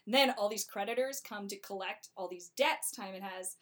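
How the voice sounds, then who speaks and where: A woman's voice: medium pitch, moderate pace, a bit bright. A young woman casually summarizing a play's plot, wry and chatty, full of filler words. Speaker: storyteller summarizing a play.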